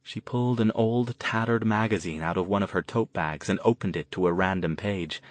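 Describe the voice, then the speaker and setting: A man reading an audiobook novel aloud in an even, measured way. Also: deep voice, dry recording. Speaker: audiobook narrator. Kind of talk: scripted narration.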